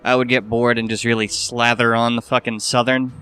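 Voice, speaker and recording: Brief: mid-pitched man, bright-toned, dry and easygoing gaming co-host. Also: flat delivery, brisk, clean tone. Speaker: co-host of a let's play. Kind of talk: casual gaming commentary.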